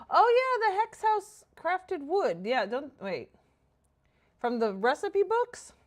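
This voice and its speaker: A woman chatting casually with her viewers while playing a game, excitable and talking to herself as she goes. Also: extremely high pitch, takes it slowly. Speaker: game streamer.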